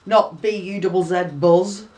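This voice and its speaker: A woman's voice: on the low side, steady tone, a little slow, a little mellow. Chatty Lancashire woman, heard from afar. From Bolton, Lancashire. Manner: chatty, jokey, agreeable. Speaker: guest. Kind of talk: casual chat. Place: living room at home, indoors. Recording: distant camera mic in a room.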